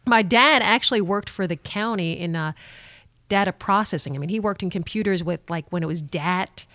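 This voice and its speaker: A woman from Long Island, New York, telling stories as an animated, chatty interview guest. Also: lowish voice, fairly quick, no echo. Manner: chatty, animated storyteller who laughs often. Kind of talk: casual interview chat.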